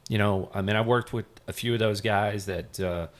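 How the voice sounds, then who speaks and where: A middle-aged man with a fairly low voice, a retired firefighter telling stories as a podcast guest. He talks loosely and rambles, with plenty of fillers. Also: fairly even intonation, moderate pace. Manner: rambling, full of "you know" fillers. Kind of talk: casual storytelling interview.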